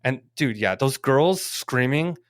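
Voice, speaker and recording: A man co-hosting a podcast, chatting loosely and swearing freely with quick offhand asides. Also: medium pitch, animated, dry recording, studio quality. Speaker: podcast co-host. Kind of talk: casual chat.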